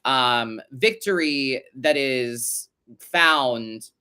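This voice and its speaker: A man hosting a casual live-stream tarot reading, chatty and animated, swearing now and then as he talks to his viewers. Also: medium pitch, very slow, clean tone. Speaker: tarot reader host.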